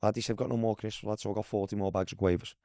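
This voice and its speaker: A man with a broad Scouse accent spins an anecdote in an easy, chatty way. His speaking voice sits on the low side, and his pitch jumps up sharply whenever he mimics other people. The recording is dry and close, with no room sound. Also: rapid-fire, gravelly, no echo. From Liverpool, England. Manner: animated, mimics voices in anecdotes, says "lad" constantly. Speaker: guest, former footballer. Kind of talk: casual storytelling.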